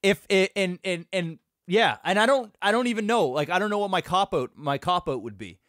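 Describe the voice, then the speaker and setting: A man's voice: sits high, expressive, brisk, a bit bright, dry recording, studio quality. A man co-hosting a podcast in casual crude banter, hesitant and stumbling, often repeating his words. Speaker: podcast co-host.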